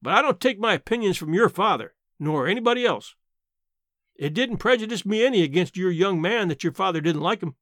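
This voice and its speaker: A man voices a sharp-tongued elderly countrywoman in an audiobook, grumbling and matter-of-fact. Her talk is high-set and swings freely in pitch, with a blunt edge. The recording is dry and close with no room sound. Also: animated, fairly quick, no room sound. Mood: blunt, sardonic. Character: blunt, plainspoken elderly aunt, woman.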